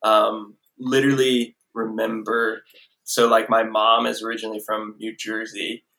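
A young man from Virginia talks loosely on a podcast, trailing through filler words as he tells a story. His voice sits low but carries a forceful, bright edge. It is casual, unhurried conversation. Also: monotone, gravelly, rough recording. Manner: rambling, many "like" fillers. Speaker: podcast guest.

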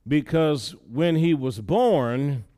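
Man, pastor, sermon, church, smooth resonant voice, slightly high pitch, conversational preaching. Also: expressive, slow pace, warm tone. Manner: conversational preaching with repeated "yeah" and restarts.

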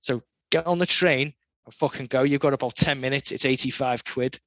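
Man, middle-aged, casual storytelling, animated, swears a lot, dry sound. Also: medium pitch, brisk, no room sound. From Liverpool, England. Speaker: podcast guest, skate photographer.

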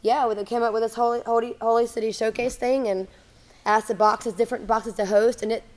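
A woman's voice: on the high side, flat delivery, a little fast, darkish tone. Chatty woman gym owner. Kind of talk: casual podcast interview.

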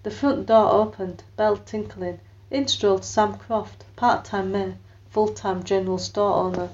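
Dull audio carries a woman's medium-pitched, measured-pace audiobook narration, in which she tells the story expressively, voices its characters, and rises in pitch for quoted lines.

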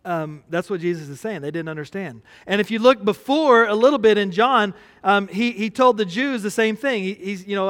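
A man's voice: high voice, fairly quick, a bit bright, long reverb tail. A man preaching a conversational sermon as pastor, telling a personal story with laughter.

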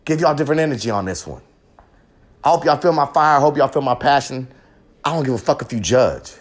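A man's voice: medium pitch, animated, fast. A man hosting a podcast, delivering a raw, profane, rambling confessional monologue with real passion. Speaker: podcast host.

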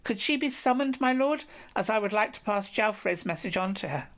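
A woman's voice: mid-range voice, expressive, a little fast, lightly acted. A woman reading an audiobook, voicing a wounded, grateful knight who speaks formally and solemnly. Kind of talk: audiobook reading of a medieval romance.

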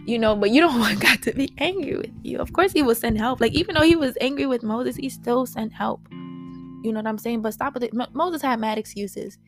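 Young woman, Bible study teacher, passionate, slangy, higher voice, clear music underneath. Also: normal speed. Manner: passionate, slangy, animated preaching. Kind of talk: casual Bible teaching with scripture reading.

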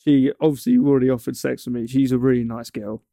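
A man's voice: mid-range voice, level tone, fast talker, vocal fry, mellow, no echo, studio quality. A young man from England in casual chat, telling a long story with many stumbles and restarts. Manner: rambling, stumbles and restarts often.

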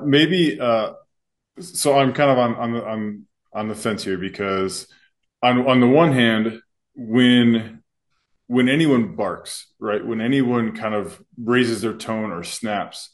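This man speaks at a medium pitch and a slow pace. A school administrator with children, he co-hosts a podcast and talks earnestly and reflectively as a school leader in a casual discussion.

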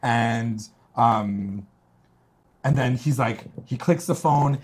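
A woman's voice: rumbling low, takes it slowly, a little mellow, breathy edge. A woman co-hosting a casual chat, animatedly retelling a story and acting out quotes in shifting voices. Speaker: podcast co-host recapping a TV episode.

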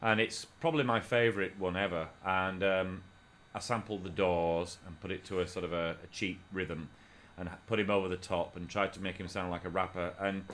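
A man's voice: deep voice, fairly even intonation, brisk, fairly bright tone, slight background noise. Rambling, profane male radio host. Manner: rambling, profane storytelling with restarts. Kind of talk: casual anecdote on air.

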